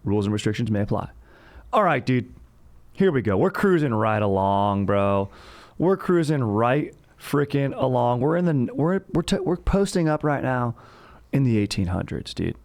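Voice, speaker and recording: Speaking at a measured pace with a mid-range, darkish voice and big pitch swings, a man hosts a podcast of casual, comedic history chat. He rambles and jokes in slangy bro talk, constantly saying "dude."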